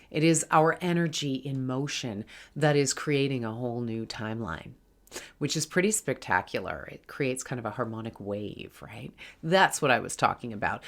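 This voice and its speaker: Low-voiced woman giving earnest spiritual talk. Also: fairly bright tone. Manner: earnest, reassuring, addresses viewers as friends. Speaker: spiritual vlogger. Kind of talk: casual spiritual talk to camera.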